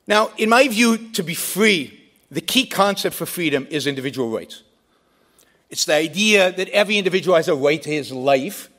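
A man's voice: a little high, animated, moderate pace, a bit bright. A man giving a debate speech in an emphatic style, building points with rhetorical questions and repeated phrases.

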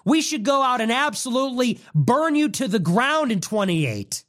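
A man's voice: extremely high pitch, big pitch swings, normal speed, a bit bright. A man hosting a political show, delivering an angry, combative monologue.

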